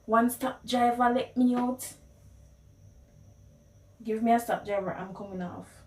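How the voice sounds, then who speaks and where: A woman's voice: fairly high pitch, fairly even intonation, a little slow, darkish tone. A Jamaican woman hosting a casual language lesson, playfully repeating phrases. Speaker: video host. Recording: echoey room, mic at a distance.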